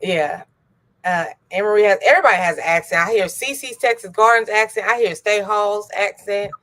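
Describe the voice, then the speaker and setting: A woman hosts a casual livestream, reading viewer comments aloud and greeting people as they join. Her voice sits at a middle pitch and she talks in a relaxed, easygoing way. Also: normal speed. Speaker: livestream host.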